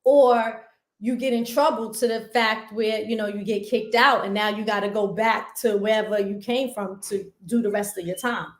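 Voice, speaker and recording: A woman's voice: mid-range voice, moderate pace, echoey room. A young woman guest telling her story in a casual interview. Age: young adult. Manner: animated, retelling prison routines.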